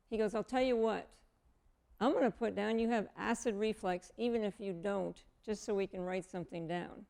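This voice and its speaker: A woman in her fifties telling a personal story as a guest, animated and acting out the dialogue of the people in it. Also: mid-range voice, normal speed, creaky. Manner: animated, acts out quoted dialogue.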